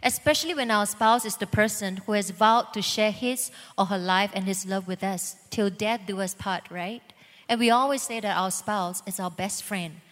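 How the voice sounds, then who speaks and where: A woman pastor delivering a calm, explanatory sermon and reading scripture aloud. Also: mid-range voice, normal speed. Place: church hall. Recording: echoey church hall.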